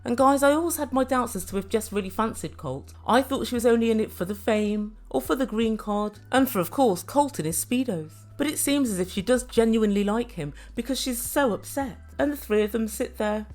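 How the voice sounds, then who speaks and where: Woman, higher voice, sarcastic, casual recap commentary, chatty. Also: lively intonation, fairly quick, hardly any pauses, a little mellow. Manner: chatty and sarcastic, voicing quotes. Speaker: reality TV reviewer.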